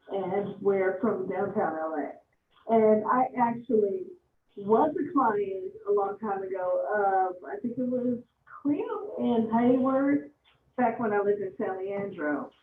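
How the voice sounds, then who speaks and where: Woman, pleading public comment, deliberate pace, phone-quality audio, echoey. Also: medium pitch, expressive, slight background noise. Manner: earnest and pleading, slowing down deliberately. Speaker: public commenter and advocacy board member. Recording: tinny, echoey phone line from a distance.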